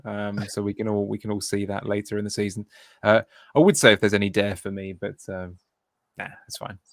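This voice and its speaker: A man co-hosting a podcast in casual chat, halting and filled with ums as he rambles toward a sign-off. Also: on the low side, steady tone, no room sound, clean studio sound. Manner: hesitant, filler-heavy wrap-up patter. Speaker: podcast co-host.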